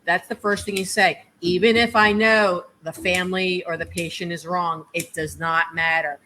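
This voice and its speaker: A podcast participant in casual chat, chiming in with quick, blunt opinions. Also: mid-range voice, fairly even intonation, pushed and bright, a little hiss or hum, poor audio.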